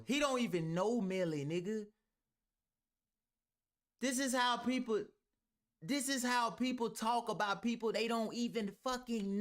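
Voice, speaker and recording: A man reacting to a clip, heated and argumentative, talking with heavy profanity. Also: very high-pitched. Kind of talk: ranting reaction commentary.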